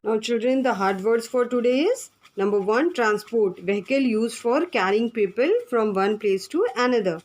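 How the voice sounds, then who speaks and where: A woman's voice: a little high, normal speed, few pauses, darkish tone. A woman teacher, explaining words to young pupils and spelling them out letter by letter. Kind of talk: online class lesson.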